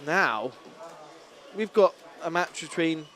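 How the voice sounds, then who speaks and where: Chatty male esports commentator, bright pitch. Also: animated, slow. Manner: chatty, playful, laughs often. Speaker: tournament commentator.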